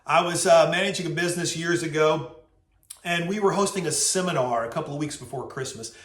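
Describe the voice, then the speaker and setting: Casting: animated male host, slightly high voice, storytelling in a roomy space. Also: fairly quick. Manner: lively storyteller, acts out voices. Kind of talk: casual storytelling vlog. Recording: roomy echo.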